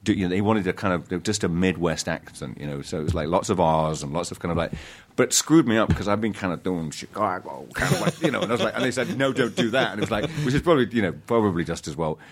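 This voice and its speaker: Brief: very low, deep male actor, stop-start interview talk, self-deprecating. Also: animated. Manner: halting, many restarts and fillers, self-deprecating. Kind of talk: casual interview chat.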